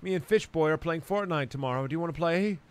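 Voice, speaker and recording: A man putting on a goofy, eager, high-pitched voice for a fish-loving male superhero. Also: quick pace, smooth, close to an everyday voice.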